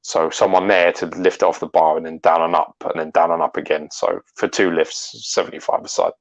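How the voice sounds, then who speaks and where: Male host, very low, gravelly voice, blunt, swearing banter. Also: flat delivery, brisk. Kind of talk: casual livestream chat. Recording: muffled stream audio.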